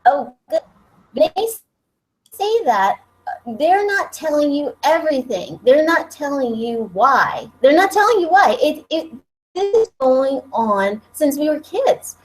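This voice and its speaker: Woman from the US, high voice, earnest, insistent, live political web chat. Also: very animated, unhurried, poor audio. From United States. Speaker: co-host.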